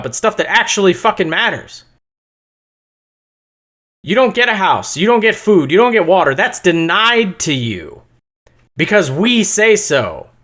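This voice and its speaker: A man's voice: on the high side, a bit bright. A man hosting a podcast, delivering solo political commentary in a profane, angry rant that he breaks up with mocking put-on voices. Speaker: podcast host.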